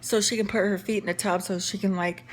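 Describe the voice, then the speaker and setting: A woman's voice: mid-range voice, fairly even intonation, fast talker, slight background noise. A young woman telling a casual story-time vlog, chatty with lots of fillers and restarts. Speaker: vlogger.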